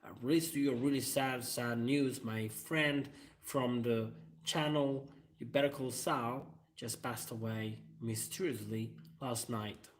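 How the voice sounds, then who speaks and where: A man's voice: medium pitch, steady tone, a little slow, close to an everyday voice. A man doing an impression of a pompous male video host giving a theatrical announcement. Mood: mock solemn.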